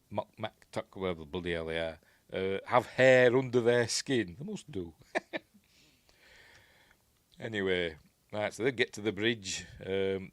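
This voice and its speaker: With a lowish voice and a Yorkshire accent, this English film reviewer from Yorkshire gives a meandering commentary on a movie, chuckling along and performing the lines he quotes. There's no echo in the sound.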